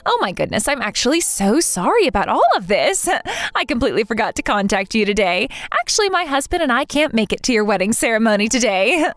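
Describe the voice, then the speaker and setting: A woman's voice: a little high, sing-song, brisk, a bit bright, no room sound. A woman voicing a spiteful younger sister in a text-message story, talking down to others in a sneering, condescending way. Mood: apologetic. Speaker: wedding guest refusing to attend.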